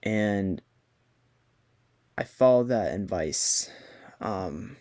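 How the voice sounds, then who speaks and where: A young man talking slowly to his viewers in a halting way, with many fillers and restarts, while trying not to cry. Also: lowish voice, expressive, darkish tone. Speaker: vlogger. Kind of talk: casual personal talk to camera. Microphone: computer mic on a video call.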